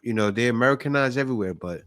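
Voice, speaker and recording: A man's voice: medium pitch, rapid-fire, fairly bright tone, faint music behind. A man hosting a reaction show, commenting on a clip in a skeptical, lecturing way. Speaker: host reacting to videos.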